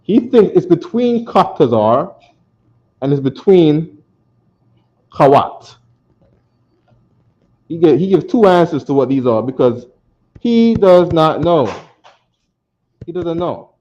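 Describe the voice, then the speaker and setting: Lecturing to a class in a New York accent, a man talks loosely, repeats himself, and keeps checking in with "right?". His slightly high, a little mellow voice swings widely in pitch as he goes slowly with long pauses, in an echoey, dull lo-fi recording.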